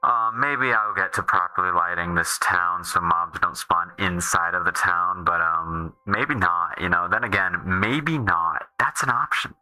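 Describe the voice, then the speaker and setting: A man's voice: low-pitched, a little slow, hardly any pauses, pushed and bright, clean tone, faint music behind, low-quality recording. A man streaming a game, chatting casually in a rambling way that keeps restarting and trailing off. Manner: rambling, self-interrupting, restarts often.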